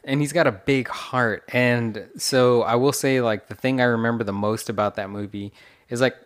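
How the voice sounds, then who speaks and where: A man's voice: mid-range voice, steady tone, normal speed. A young man in loose, slangy casual chat, leaning on "like" and "dude".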